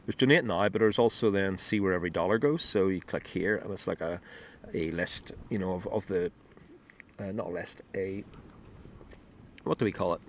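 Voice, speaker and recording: Man with a lower voice, relaxed rambling demo delivery full of restarts, outdoors on a clip-on mic. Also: moderate pace, pauses often, slight background noise. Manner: rambling, many ums and restarts. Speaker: app builder demoing his work. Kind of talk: casual screen demo talk. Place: outdoors on a beach. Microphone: wireless clip-on mic.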